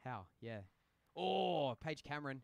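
A young Australian man calls a social ice hockey game, drifting between play calls and joking banter with his booth mates. His voice sits a little high and swings widely in pitch. The sound is close and dry, with no room echo. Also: expressive, normal speed, fairly bright tone. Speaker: play-by-play commentator. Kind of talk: casual live sports commentary. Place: commentary booth at an ice rink.

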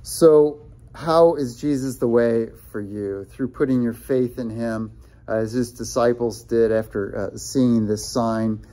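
A man's voice: mid-range voice, fairly even intonation, a little slow, mellow. A male pastor preaching a sermon in a conversational way, with many fillers and restarts, quoting scripture as he goes.

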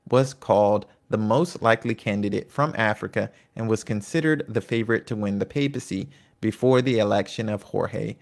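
On the low side with vocal fry, this man hosts a history video by reading notes and slipping in enthusiastic, conversational asides. Names occasionally trip him up.

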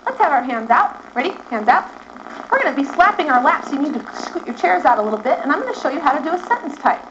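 A woman teacher leading a class through rhythmic chanting, energetic and coaxing, recorded in a school classroom. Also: high-pitched, fast talker. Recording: dull lo-fi phone video with loud classroom noise. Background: children and classroom noise.

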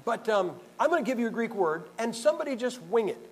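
High-voiced combative male preacher. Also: sing-song, fast talker, breathy edge, rough recording. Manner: combative, sarcastic, quizzes the audience. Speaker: pastor. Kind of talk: bible teaching to a class.

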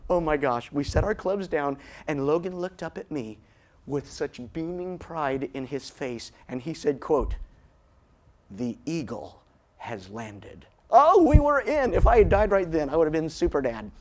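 With a slightly high voice, this middle-aged motivational speaker tells stories in his keynote. He stays animated and slows his delivery for dramatic effect.

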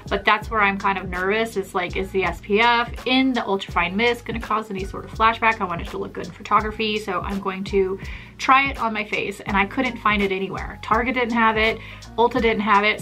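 A young adult woman, a makeup artist, chatting casually and fast in her vlog. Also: medium pitch, fairly even intonation, sharp tone, soft background music. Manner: chatty, bubbly, fast-talking.

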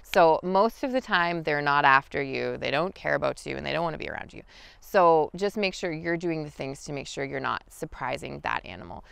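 A woman guiding an outdoor lesson in the forest, talking in a relaxed, chatty way with many fillers. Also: low-pitched, brisk, creaky, clean tone, no echo. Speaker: wild food guide. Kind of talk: outdoor teaching talk.

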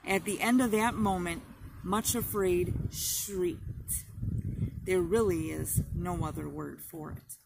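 A woman narrating an audiobook in a slow, measured reading style. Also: lowish voice, fairly even intonation, creaky, noisy background.

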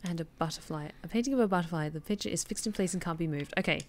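A woman's voice: lowish voice, racing. A woman streamer casually commenting while she plays a horror game, musing and theorizing aloud. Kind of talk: casual let's-play commentary.

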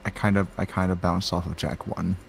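A man streaming a video game, chatting casually with dry, deadpan jokes. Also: low voice, brisk, vocal fry, husky. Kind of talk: casual gaming chat.

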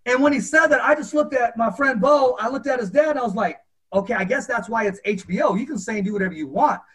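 Male podcast host, high voice, animated anecdote style. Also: fast. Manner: animated, acts out quotes. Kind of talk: storytelling in casual interview.

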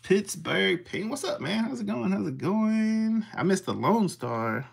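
Streamer; unhurried, fry-heavy voice; casual, methodical symbol calls. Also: medium pitch, big pitch swings. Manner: slowly reads out scratch-off symbols and greets chat viewers. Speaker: livestream host. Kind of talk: casual livestream commentary.

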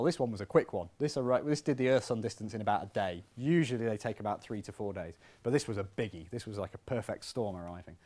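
A male physics professor gives a public lecture, talking quickly and conversationally. His voice sits in a middle pitch, and he keeps the tone lively with the odd self-deprecating aside. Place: lecture hall.

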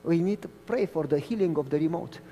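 Man preaching, animated storyteller, asks the listeners questions, high voice, long hall reverb. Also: a little fast, faint music behind. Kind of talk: sermon.

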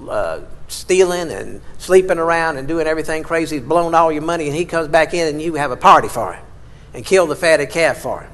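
A preacher voicing a resentful, jealous older brother who complains in an aggrieved way. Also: male voice, a little high, fairly quick, fairly bright tone. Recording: long reverb in a large hall.

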